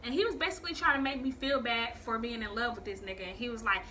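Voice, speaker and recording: A young woman telling a story on her vlog in a casual, profane, animated way, acting out the people she quotes. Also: on the high side, quick pace, few pauses, slight background noise.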